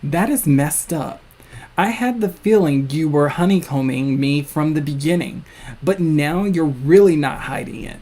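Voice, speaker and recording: A jumpy young hero voiced by a man whose voice jumps higher and louder than the narrator's. He fires off quick, incredulous questions at a slowish pace. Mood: indignant.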